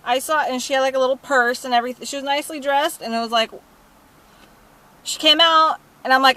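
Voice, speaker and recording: Bright-voiced young woman ranting profanely. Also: high-pitched, fairly quick, long pauses. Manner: profane, indignant, animated retelling. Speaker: thrift store employee. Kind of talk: ranting storytime vlog.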